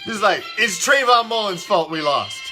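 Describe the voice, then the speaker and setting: A man's voice: high-pitched, animated, normal speed, music in the background. A man hosting a fan show, ranting in a heated, profane, rambling way. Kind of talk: casual ranting commentary.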